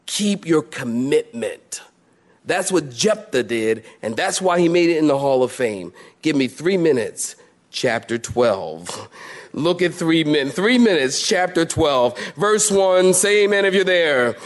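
A male pastor preaching a sermon with lively, comic energy. His voice sits a little high for a man, and he acts out the voices in the story he tells. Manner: animated, laughs while preaching, acts out quoted voices.

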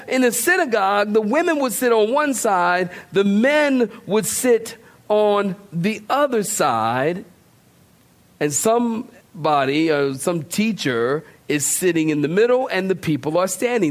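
Male pastor, high voice, informal sermon with lots of banter. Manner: conversational, joking with the congregation.

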